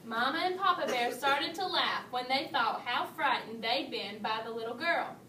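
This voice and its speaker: A woman reading a children's story aloud, expressive, lifting her voice for the bears. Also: normal speed, recorded from a distance. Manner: expressive read-aloud, raising pitch for the bears' lines. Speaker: storybook reader. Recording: echoey room, voice from off-mic, faint hiss.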